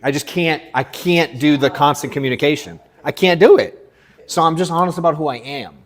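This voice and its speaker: Blunt, profane man coaching a room. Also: fairly quick. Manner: blunt, profane, swings from emphatic to low and quiet. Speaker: sales coach. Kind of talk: live coaching session with an audience.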